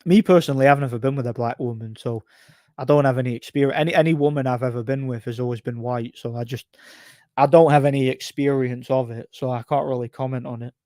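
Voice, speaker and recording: A man's voice: medium pitch, steady tone, fast talker, darkish tone, no room sound, studio quality. Rambling man chatting on stream. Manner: rambling, laughs at own stories, repeats phrases. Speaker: livestream host reading chat. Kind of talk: casual chat.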